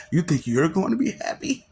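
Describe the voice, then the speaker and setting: Guy preaching at his viewers, keeps laughing at them, gravelly voice that swings up and down a lot. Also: high voice, darkish tone. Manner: laughs often, mocking rhetorical questions; repeats and stumbles over words. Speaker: self-proclaimed god addressing viewers. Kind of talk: rambling preachy monologue.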